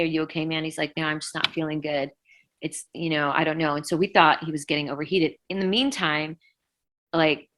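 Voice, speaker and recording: Low-voiced woman recounting a loss. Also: a bit bright. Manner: emotional, halting retelling with many fillers. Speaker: interview guest, former band vocalist. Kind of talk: casual interview storytelling.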